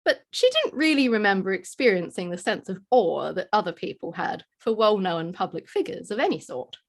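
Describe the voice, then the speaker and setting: A woman reads a story in a storyteller's voice. Her pitch rises and falls in a lively way, and she gives quoted lines small shifts of voice. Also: moderate pace. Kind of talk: scripted narration.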